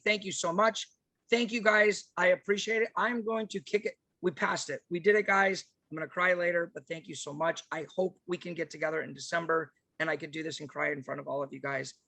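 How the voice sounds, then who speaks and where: A man, a former county party chair, reading out donations and thanking donors on a video call, excited and joking. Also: high voice, no echo, low-quality recording. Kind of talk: upbeat fundraising appeal on a virtual convention.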